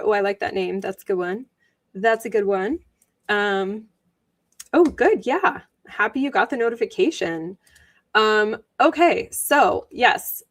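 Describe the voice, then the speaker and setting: A woman hosting a casual livestream, greeting viewers by name, chatty with many ums and frequent giggles. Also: medium pitch. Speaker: livestream host.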